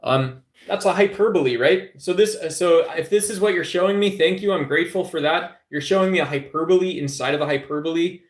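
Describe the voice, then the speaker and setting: A man with a somewhat high voice rambles to his live chat, preachy and loose, calling his listeners brother. He is recorded at home in a noticeably echoey room. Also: brisk, hardly any pauses. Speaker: live stream host. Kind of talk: casual political rant to chat.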